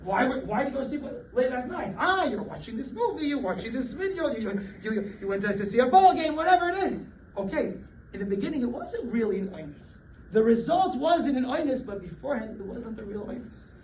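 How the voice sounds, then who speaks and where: A rabbi giving a Torah class, lively and often laughing as he acts out the people in his stories. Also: extremely high pitch, brisk. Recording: echoey room, voice from a distance, faint background noise.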